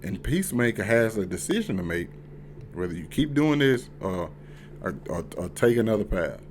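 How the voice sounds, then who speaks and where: Young male reviewer, lowish voice, casual and excitable, heavy swearing, faint background noise. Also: normal speed. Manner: excitable, profane, swings from mumbling to loud outbursts. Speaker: TV show reviewer.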